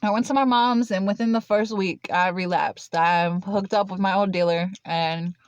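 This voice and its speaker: A woman's voice: mid-range voice, steady tone, moderate pace, dry recording. A young woman telling a personal story casually, rambling and full of "like" fillers. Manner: rambling, filler-heavy with constant "like". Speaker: vlogger.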